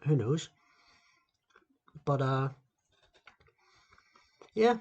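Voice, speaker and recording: A man's voice: medium pitch, lively intonation, drawn-out words, darkish tone, dull audio. A man hosting a solo podcast, ranting and rambling with constant swearing into a laptop mic. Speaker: podcast host.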